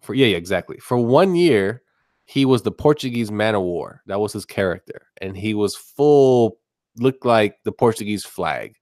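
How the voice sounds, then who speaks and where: A man's voice: lowish voice, lively intonation, moderate pace, a little mellow, no room sound, studio quality. A man chatting casually on a live stream, rambling through rants that build to a sarcastic punchline.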